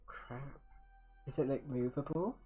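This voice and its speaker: A woman playing a tabletop game, talking in a relaxed, conversational way. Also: rumbling low, unhurried, husky, soft background music. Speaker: player. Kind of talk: casual tabletop game play.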